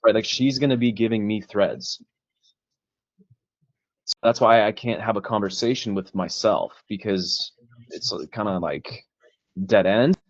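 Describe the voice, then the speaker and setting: A man's voice: fairly low pitch, measured pace, pauses often, no echo, dull audio. A man coaching on casual talk, swearing freely and acting out both sides of bar conversations. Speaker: dating coach. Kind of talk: casual coaching chat with role-played examples.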